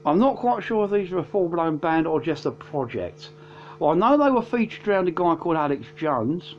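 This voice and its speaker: A man's voice: fairly high pitch, big pitch swings, fairly quick, dull audio, a little hiss or hum. A man, casually reviewing albums from his collection, rambling with many fillers and self-corrections. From England. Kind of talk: casual chat.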